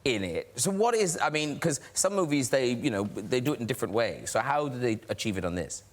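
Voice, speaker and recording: A man's voice: medium pitch, very animated, fairly quick. A man hosting a talk show in a TV studio, teasing and questioning guests in casual chat. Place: TV studio with audience.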